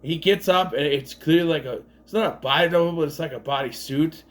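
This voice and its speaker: A man's voice: a little high, brisk. A man giving a casual, rambling movie recap, laughing at the gags and acting out quoted lines. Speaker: movie reviewer.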